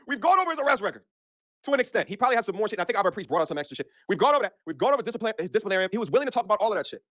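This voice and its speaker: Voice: medium pitch, very animated, racing, a bit bright, slight background noise. A streamer ranting emphatically on a live stream, insistent and repeating points.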